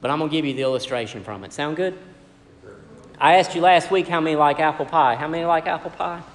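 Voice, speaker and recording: A man preaching a sermon as pastor, swinging from loud, raised lines down to hushed ones. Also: fairly high pitch, fast talker. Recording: long hall reverb with faint ambience.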